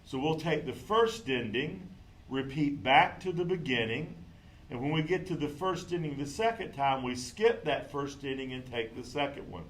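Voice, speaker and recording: A man's voice: a little high, lively intonation, moderate pace, low-quality recording. A man teaching a clarinet lesson, patiently counting in and calling out note names and fingerings. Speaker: music teacher.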